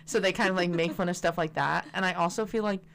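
A woman's voice: on the low side, quick pace, gravelly. A young woman student guest on a film podcast, chatty and loose, filling her talk with likes and ums. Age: young adult. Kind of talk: casual film chat.

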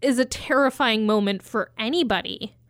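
A woman's voice: on the high side, moderate pace, fairly bright tone, no room sound. Casual swearing woman, dry close sound. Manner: rambling, swears a lot, acts out characters. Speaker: podcast co-host. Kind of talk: casual chat retelling a film.

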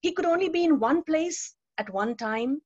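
Woman preacher, higher husky voice, earnest testimony over a muffled video call. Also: animated, normal speed, darkish tone, no room sound. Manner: earnest, emphatic, repeats key phrases. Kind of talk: testimony and teaching talk. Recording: dull lo-fi webinar audio.

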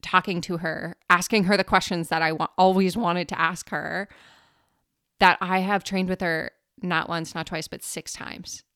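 A woman's voice: lowish voice, steady tone, unhurried, sharp tone, clear, resonant tone, no echo, clean studio sound. A woman co-hosting a podcast as an energy healer, telling stories in casual chat with lots of filler words. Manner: chatty, filler-heavy storytelling.

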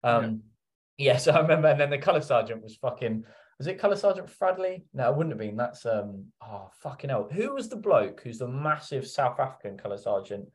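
A man's voice: mid-range voice, sing-song, a little fast. A man telling stories as a podcast guest in casual interview chat, swearing heavily and acting out his own past remarks.

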